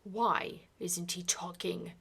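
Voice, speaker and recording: A woman voicing a stern, blustering duke fixated on his bloodline, in a breathy, gravelly whispered role-play. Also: medium pitch, slow pace, exaggerated voice. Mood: raging. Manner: blustering, shouting in bursts. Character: stern, furious old duke obsessed with bloodline.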